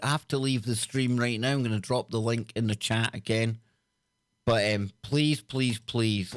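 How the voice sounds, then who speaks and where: A man hosting a casual livestream chat, talking in an excitable, slangy way. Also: mid-range voice, dry recording, studio quality. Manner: excitable, loud laughs, slang-heavy. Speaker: host.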